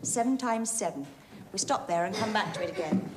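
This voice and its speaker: A woman playing a brisk sing-song schoolteacher. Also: mid-range voice, animated, roomy sound, noisy background, lightly acted. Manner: firm, sing-song classroom drilling. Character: brisk female primary schoolteacher.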